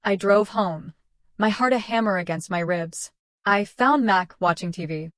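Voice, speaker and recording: A woman narrating a first-person story in a steady, even reading voice at a middle pitch. The recording is dry and close, with no room sound at all. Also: unhurried, dry recording.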